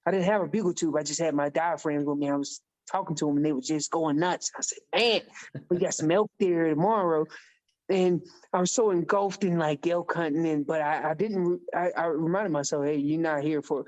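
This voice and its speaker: Animated storytelling man on a podcast. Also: fairly high pitch, fairly quick. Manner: animated storyteller who acts out quoted dialogue. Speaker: podcast guest, elk calling champion. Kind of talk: casual storytelling.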